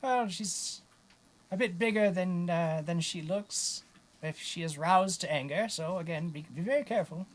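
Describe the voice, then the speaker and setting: A man's voice: sits high, normal speed, pitched above the performer's own voice, lightly acted. A man voicing a fussy, polite male spellcaster who stammers courteously in a tabletop game. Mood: cautious.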